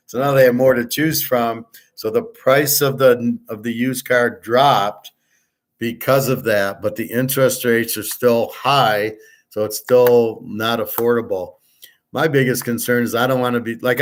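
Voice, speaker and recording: A man from the United States hosting a live sports betting show, chatting casually with viewers in a blunt, rambling way and swearing freely. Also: mid-range voice. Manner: opinionated, tells long anecdotes. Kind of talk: casual live-stream chat, reading viewer comments.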